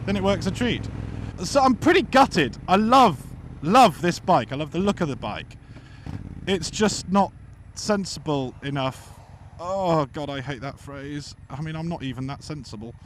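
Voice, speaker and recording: A man, chatting casually to camera as a motorcycle vlogger, rambling, playful and self-mocking. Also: fairly high pitch. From England. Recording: loud road noise.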